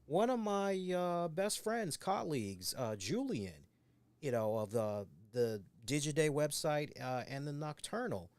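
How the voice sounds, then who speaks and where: A man's voice: on the high side, sing-song, measured pace, darkish tone, dry recording. A man co-hosting a casual podcast chat, rambling and swearing as he acts out the voices of people he quotes. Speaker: co-host.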